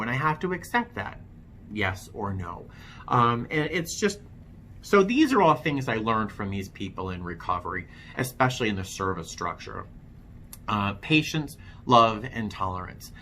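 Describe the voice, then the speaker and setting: A man's voice: medium pitch, bright, forceful tone, slight background noise. A man vlogging his own recovery story, frank and self-deprecating, talking loosely with plenty of fillers. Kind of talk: candid personal storytelling to camera.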